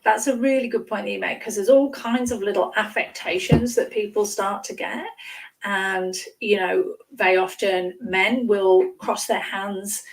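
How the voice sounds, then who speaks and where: A woman speaking coach chatting on a video call, lively and acting out examples with little exclamations. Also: mid-range voice, unhurried, recorded from a distance, low-quality recording. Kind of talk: casual chat on a live stream.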